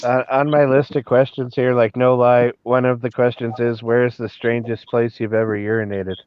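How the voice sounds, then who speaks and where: A man hosting a podcast, reading questions in a flat, easygoing way. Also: medium pitch, moderate pace, clear, resonant tone, no echo. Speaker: podcast host asking questions. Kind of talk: casual chat. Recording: slightly dull audio.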